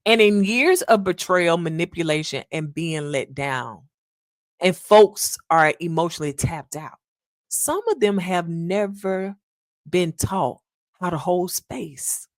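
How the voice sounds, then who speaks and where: Earnest woman podcaster, low dry voice. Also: lively intonation, takes it slowly, no room sound. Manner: earnest, addresses listeners as "y'all", acts out quotes. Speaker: podcast host. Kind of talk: casual reflective monologue.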